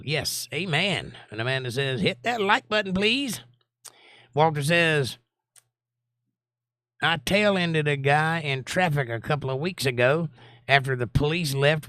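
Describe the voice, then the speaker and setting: A man hosts a live Bible study stream and chats easily with his viewers, greeting them by name and answering their comments. His voice sits a little high for a man. The sound is dry and close, with no room echo. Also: a bit bright. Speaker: Bible study teacher and livestream host. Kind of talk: casual livestream chat, reading viewer comments aloud.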